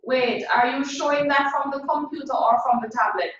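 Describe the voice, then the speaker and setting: A woman with a Jamaican accent taking part in an online class, reading slowly and carefully. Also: sits high, a bit bright. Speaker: student. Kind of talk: class participation. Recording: echoey, distant, muffled room audio.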